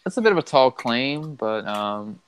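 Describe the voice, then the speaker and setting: A man's voice: medium pitch, lively intonation, moderate pace, slight background noise, low-quality recording. A man co-hosting a casual gaming chat, rambling through game trivia with lots of fillers. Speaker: co-host.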